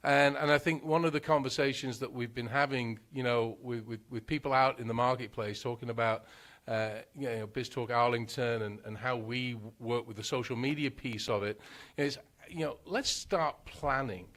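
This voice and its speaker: A man talks as a guest on a studio radio show, chatty and full of fillers and restarts. His voice is in a middle pitch, and he speaks into a studio microphone. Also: fairly even intonation, moderate pace, a bit bright. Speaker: marketing guest. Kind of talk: casual radio interview talk.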